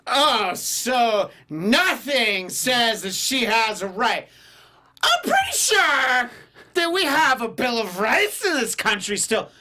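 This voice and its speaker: A podcast host voicing a drunk young woman from a party in a comic improv bit, slurring, drawn-out and sing-song. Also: mid-range voice, very animated, pushed and bright, a little hiss or hum, pitched above the performer's own voice, full character voice. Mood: drunk indignant.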